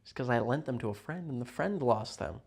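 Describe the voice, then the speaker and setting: A man chatting casually with viewers on a livestream from a hotel room, rambling, playful and sarcastic, jumping between loud outbursts and mutters. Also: mid-range voice, animated, fairly quick, vocal fry. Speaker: livestream host.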